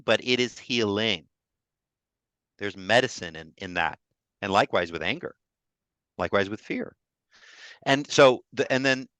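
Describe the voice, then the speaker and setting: A man's voice: lowish voice, fairly bright tone, no room sound. A man, a grief therapist, sharing openly and emotionally on a video call, often restarting his sentences. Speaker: co-host of a mindfulness support group.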